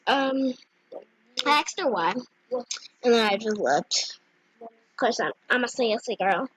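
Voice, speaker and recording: A young female gaming vlogger chatting casually and giggly over her gameplay, with squealing excited asides. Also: fairly high pitch, takes it slowly, long pauses, poor audio. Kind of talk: casual game commentary.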